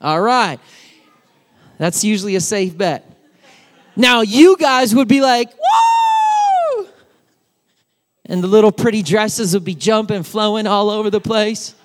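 A man giving a children's sermon, animated and emphatic, talking straight to the kids. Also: high voice, measured pace, slight background noise. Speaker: children's pastor.

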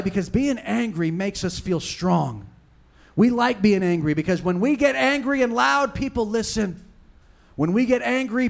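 A male pastor preaching a sermon, swinging between fervent loud passages and hushed, intimate ones. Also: sits high, creaky.

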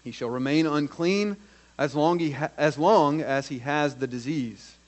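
Dramatic male preacher with a higher voice. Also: unhurried. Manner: dramatic, acts out the quoted voices; swings from hushed to loud. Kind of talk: sermon.

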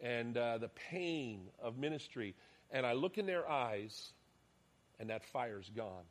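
A middle-aged man preaching a sermon, telling personal stories with lively swings between loud bursts and hushed asides. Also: mid-range voice, slow. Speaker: pastor.

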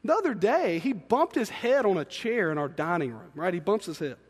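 A man preaching a sermon, animated, swinging between hushed asides and loud emphatic peaks. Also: high-pitched, brisk, slightly rough. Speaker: pastor. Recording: long reverb in a large hall.

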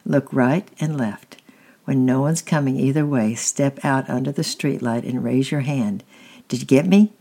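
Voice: medium pitch, a little slow, warm tone, slightly rough. A reader voicing a bossy boy gang leader who gives urgent, commanding orders in a storybook reading.

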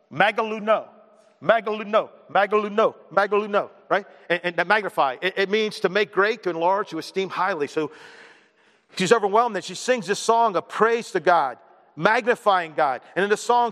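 A male pastor delivers an energetic sermon, hammering phrases over and over and slipping in jokes. His voice sits high, and it rings through a big hall with a long echo. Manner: energetic, repetitive and joking.

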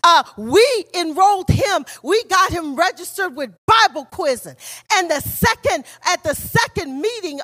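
A middle-aged woman preaching a sermon in a church, telling stories and rising often to passionate shouts. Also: extremely high pitch, animated, measured pace, some chatter behind. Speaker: guest preacher. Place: church sanctuary.

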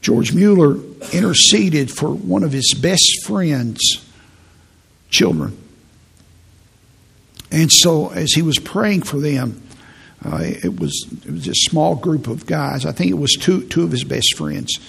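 Gravelly, husky male pastor preaching. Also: fairly high pitch, lively intonation, slow, a bit bright. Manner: storytelling, earnest and pastoral. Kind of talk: sermon. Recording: long reverb in a large hall.

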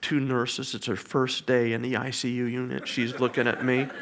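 A man's voice: mid-range voice, little pitch movement, normal speed, a crowd in the background. A middle-aged man giving an earnest, emotional personal testimony as a father. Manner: earnest, emotional storytelling with quiet whispered prayers.

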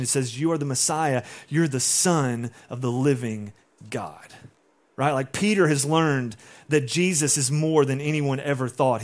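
A man preaching a sermon in a conversational way, acting out quoted lines and often asking "right?" and "like". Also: on the high side. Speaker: pastor.

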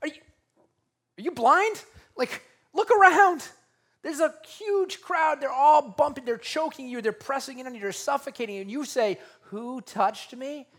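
A man's voice: extremely high pitch, moderate pace, voice pushed up. A man playing an exasperated disciple who can't believe the question he just heard. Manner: shouting, disbelieving. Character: exasperated male disciple Peter, incredulous.

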